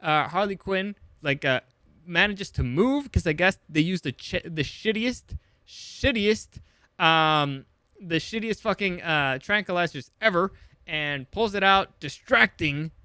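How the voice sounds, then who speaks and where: A man's voice: high-pitched, lively intonation, unhurried, sharp tone, clean tone, no echo, clean studio sound. A man recapping a movie in a casual, sarcastic way, swearing often and rambling with lots of fillers. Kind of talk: casual comedic film summary.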